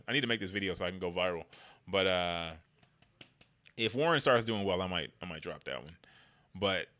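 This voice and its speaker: A man's voice: low voice, bright, forceful tone. A man giving casual political commentary in a slangy, conversational way, riffing loosely as he goes.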